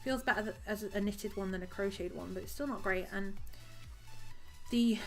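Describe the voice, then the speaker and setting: A woman's voice: medium pitch, normal speed, faint music behind. A woman live-streaming as she crochets at home, chatting casually and giggling, and counting her stitches aloud.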